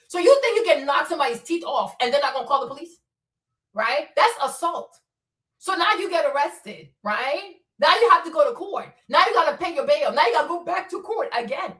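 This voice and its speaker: A woman with a high, bright, sharp voice delivers a blunt, profane rant, firing off rhetorical questions as she scolds. She sounds set back from the mic in an echoey room. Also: far from the mic. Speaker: commentary show host. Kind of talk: opinionated solo commentary.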